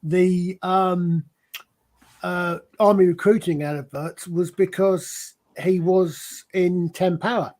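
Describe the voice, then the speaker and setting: A man's voice: high-pitched, steady tone, slow pace, darkish tone. A middle-aged Scottish man chatting on a panel show, rambling and often restarting his sentences. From Scotland. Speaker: panel member. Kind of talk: casual panel chat.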